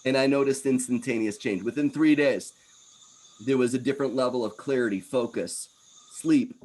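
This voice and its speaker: A man in his fifties giving a lively presentation talk. His voice sits in a middle pitch, and he speaks with energy, rushing through some phrases and slowing for others. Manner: energetic, animated, quick bursts. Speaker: wellness speaker.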